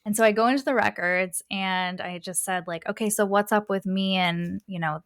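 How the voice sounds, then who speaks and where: A young woman chatting as an interview guest, animated and quick to laugh as she acts out the conversations she recounts. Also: medium pitch, clear, resonant tone, no echo, studio quality. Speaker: guest, spiritual reader. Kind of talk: casual interview chat.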